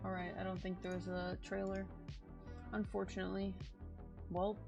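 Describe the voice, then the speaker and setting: A woman streamer chatting casually to her viewers, gushing and excitable. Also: mid-range voice, normal speed, creaky, muffled recording, music in the background. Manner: gushing and excitable, talks to chat. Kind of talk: casual live-stream chat.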